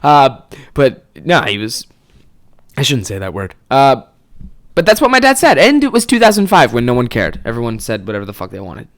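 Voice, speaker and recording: A man's voice: medium pitch, huge pitch swings, moderate pace. A man in his twenties telling rambling anecdotes on a podcast, swearing freely and full of fillers. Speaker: podcast host. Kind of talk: casual storytelling.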